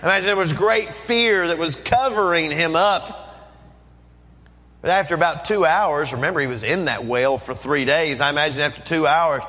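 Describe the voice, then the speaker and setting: A man's voice: on the high side, normal speed, bright, forceful tone. A middle-aged male pastor preaching a sermon, dramatically acting out pleading prayers. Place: church. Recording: dull echoey church recording.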